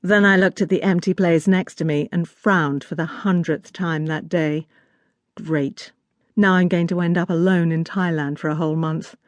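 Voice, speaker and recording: A woman's voice: lowish voice, no room sound. A woman narrating a first-person romance audiobook in an intimate, wry storytelling manner.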